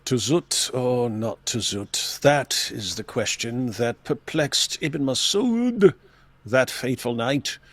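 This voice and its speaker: A man voicing a pompous, posh British Shakespearean orator, reciting slowly and grandly in a theatrical manner. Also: on the high side, expressive, gravelly, fairly bright tone, no echo, full character voice. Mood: mock-solemn.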